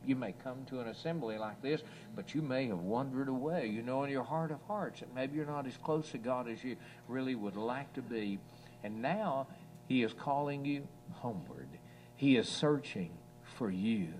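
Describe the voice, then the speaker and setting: A man preaching an evening sermon to a church assembly, slow and earnest, rising in force on scripture quotes. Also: mid-range voice, a little mellow, a little hiss or hum.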